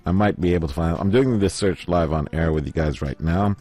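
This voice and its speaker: A man with a very low, deep voice hosts a live morning radio show, speaking into a studio microphone. He chats casually and reads out listener messages. A slight lisp softens some of his s sounds. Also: fairly quick.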